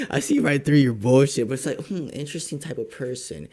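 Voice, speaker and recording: A man's voice: a little high, expressive, a little fast, few pauses, darkish tone. A man hosting a podcast, telling a story in a casual, profane, rambling way with lots of fillers. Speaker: podcast host. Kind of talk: casual chat.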